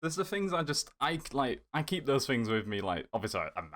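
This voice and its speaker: Guesting on a laid-back podcast, this male content creator talks fairly quickly in a mid-range, sing-song, slightly bright voice. He's excited and meandering, piling on fillers and starting over.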